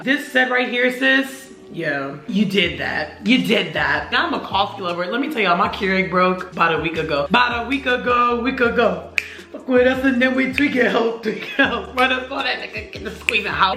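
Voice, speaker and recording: A woman's voice: mid-range voice, sharp tone, roomy sound. A young woman vlogging an unboxing, gushing and slangy, talking straight to her viewers. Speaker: beauty vlogger. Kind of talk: excited unboxing vlog.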